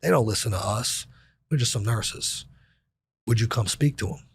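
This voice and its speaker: Appearing as a podcast guest, a man in his thirties shares a frank personal story, cursing offhandedly and voicing the dialogue he quotes. He has a mid-range voice at normal speed, with a bit of hiss or hum in the recording.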